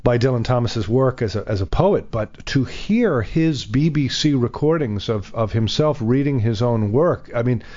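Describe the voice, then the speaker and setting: A man's voice: mid-range voice, expressive, a little mellow. Chatty male radio host, lo-fi sound. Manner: chatty, teasing, halting. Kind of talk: casual radio interview. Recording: dull lo-fi radio audio.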